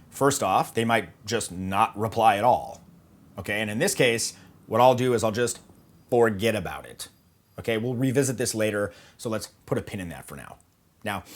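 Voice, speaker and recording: A man coaching on dating in a casual, joking manner, swearing freely and checking in with "okay" and "right?". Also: lowish voice. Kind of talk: casual instructional talk.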